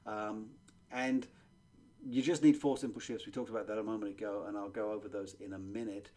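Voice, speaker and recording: A man's voice: lowish voice, steady tone, brisk, dark tone. A middle-aged man with an English accent, a magazine publisher presenting a marketing webinar in a conversational style with frequent ums and uhs. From England. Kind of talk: presentation pitch.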